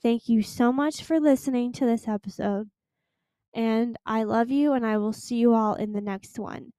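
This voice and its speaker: A woman's voice: fairly high pitch, normal speed, warm tone, clean tone, dry recording. A teenage girl hosting her own podcast, chatting casually and pleading earnestly with her listeners. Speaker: podcast host. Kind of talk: casual solo podcast chat.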